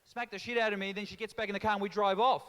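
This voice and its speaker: A man from Australia, raised by Italian parents, telling animated stand-up stories. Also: high-pitched, racing, clear, resonant tone. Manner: animated storytelling with mimicry. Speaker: stand-up comedian. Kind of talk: stand-up comedy routine. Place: large town hall before a live audience. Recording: echoing town hall reverb.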